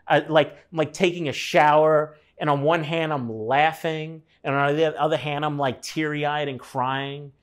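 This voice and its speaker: Rambling man in his thirties, slightly high. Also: fairly even intonation, a little slow, few pauses. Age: 30s. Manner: loose, rambling, many fillers and swearing. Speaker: artist guest. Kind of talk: casual storytelling conversation.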